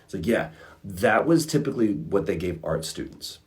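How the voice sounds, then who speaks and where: A man hosting a casual livestream, answering fan questions with reflective advice and animated storytelling. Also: low voice, moderate pace. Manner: animated storyteller acting out characters.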